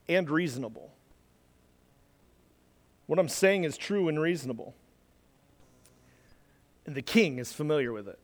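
A man preaching a sermon in an animated way, acting out the voices in the scripture he quotes. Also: a little high, big-room sound. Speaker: pastor.

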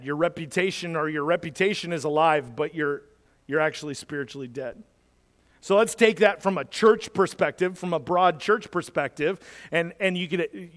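A man preaching a sermon as a pastor, talking conversationally and then building to urgent exhortation, in a church. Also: a little high. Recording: long hall reverb.

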